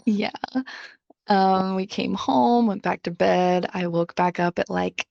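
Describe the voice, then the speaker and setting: A woman's voice: medium pitch, slow, gravelly, darkish tone, dry recording, dull audio. A young adult woman co-hosting a podcast, telling a personal story in a casual, chatty way and leaning heavily on the filler "like". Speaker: podcast co-host.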